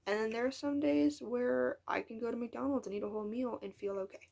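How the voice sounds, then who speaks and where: A woman's voice: on the high side, fairly even intonation, a little fast, gravelly, darkish tone. An eighteen-year-old woman talking in a casual vlog monologue, frank and frustrated, rambling and dropping into whispered asides. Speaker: vlogger.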